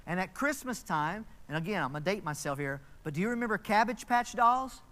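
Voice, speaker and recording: A man's voice: high-pitched, animated, brisk, fairly bright tone. A man in his fifties preaching a conversational sermon in a church, telling stories with asides to the congregation. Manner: chatty storytelling with asides to the congregation. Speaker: pastor.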